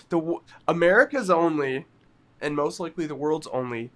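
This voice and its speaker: A man co-hosting a podcast, telling stories in a giggly, animated casual chat. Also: on the high side, moderate pace. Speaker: podcast co-host.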